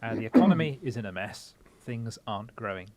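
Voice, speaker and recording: A man's voice: fairly low pitch, animated, fairly quick, a little mellow. A man co-hosting a politics podcast, laying out background to listeners in an explanatory way. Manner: explanatory, lays out the context. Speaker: podcast co-host. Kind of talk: political discussion.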